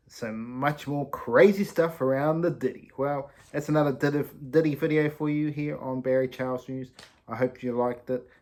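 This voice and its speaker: A man's voice: medium pitch, darkish tone. A man hosting a news commentary video, casual and joking. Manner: joking, offhand asides. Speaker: host of a commentary news channel.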